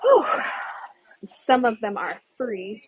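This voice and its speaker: A tour guide and travel vlogger, she takes viewers on a casual live walk outdoors through a small hillside village, chatting enthusiastically and often putting questions to her audience. Her mid-range voice is unhurried, and the audio is poor.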